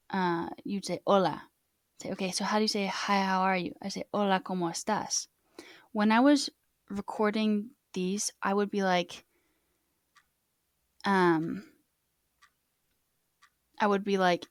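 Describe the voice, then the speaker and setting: A woman's voice: mid-range voice, normal speed, dry recording, studio quality. Chatty young American woman streamer. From United States. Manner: chatty, rambling, many fillers. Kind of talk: casual live-stream chat.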